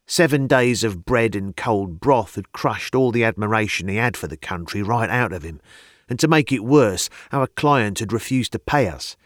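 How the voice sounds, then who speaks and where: A man narrating a historical novel as an audiobook, measured and storytelling. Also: on the low side, dry recording, studio quality. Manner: measured storytelling, lively intonation.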